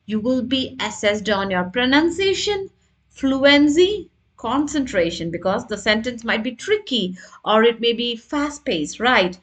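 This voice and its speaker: A woman's voice: a little high, a bit bright. A woman teaching an online exam prep lesson, explaining step by step and checking in with her listeners. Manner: explanatory, checks in with "right?" and "got it?".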